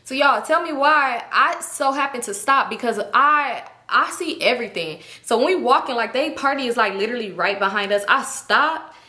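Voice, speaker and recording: A young woman telling a storytime vlog in casual, slangy style, animated and expressive. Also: a little high, moderate pace. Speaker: storytime vlogger. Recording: echoey room.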